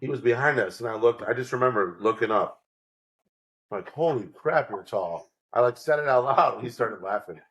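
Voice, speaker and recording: A man's voice: mid-range voice, fairly quick, fairly bright tone, rough recording. A man from New York co-hosting a podcast, chatting casually and telling rambling stories, acting out the people he quotes. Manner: rambling storyteller, acts out quotes. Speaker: podcast co-host. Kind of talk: casual chat.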